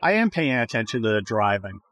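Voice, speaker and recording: This man hosts a podcast while driving, sarcastically ranting and swearing at traffic in casual chat. His voice sits on the low side, sing-song and a bit bright, moving a little fast over lo-fi sound.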